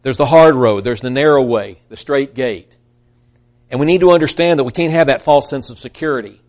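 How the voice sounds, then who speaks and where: Here a man gives a sermon in earnest, swelling to forceful peaks and dropping to a quiet trail, performing the quoted voices along the way. His voice sits in the mid range, and his delivery is fairly quick.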